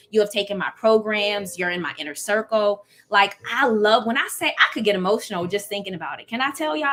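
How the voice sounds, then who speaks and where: Chatty woman hosting a live stream. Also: mid-range voice. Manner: warm, chatty, reads out viewer comments. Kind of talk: casual live-stream chat with viewers.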